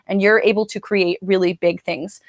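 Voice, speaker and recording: A woman's voice: mid-range voice, fairly even intonation, moderate pace, no room sound. A woman doing a casual live-stream oracle card reading from home. She talks in a chatty, rambling way straight to her viewers.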